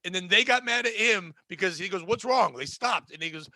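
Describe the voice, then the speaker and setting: Man, podcast host, profane rant, high voice, piercing, dry room. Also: expressive, pushed and bright, dry recording. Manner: ranting, profane, fast riffing. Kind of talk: casual podcast banter.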